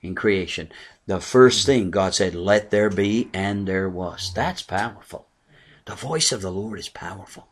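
A man preaching a sermon in earnest, rising for emphasis and dropping low and soft at times. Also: animated, a little slow. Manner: earnest preaching, swelling and dropping to near whispers. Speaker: pastor.

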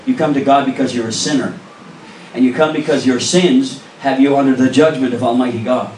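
A man's voice: medium pitch, fairly even intonation, fairly quick, a little mellow, a little hiss or hum. A male pastor preaching a sermon in a church, earnest and emphatic, pressing the congregation with direct questions. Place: church sanctuary. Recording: roomy echo, voice from a distance.

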